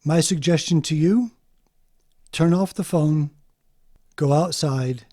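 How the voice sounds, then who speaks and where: A man hosting an explanatory video monologue, emphatic and deliberate, slowing down to stress key points. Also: on the high side, mellow. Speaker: video host.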